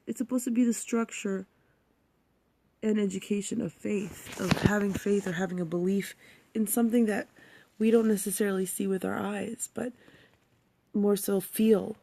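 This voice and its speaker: A woman in her thirties vlogging personal reflections, emotional and halting, sometimes dropping to a near-whisper. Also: medium pitch, steady tone, vocal fry, mellow.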